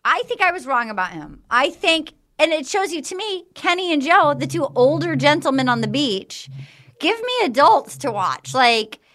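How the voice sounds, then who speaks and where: A woman hosting a podcast in casual chat, animatedly retelling scenes and acting out quick quotes. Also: high voice, big pitch swings, a bit bright. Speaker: podcast host.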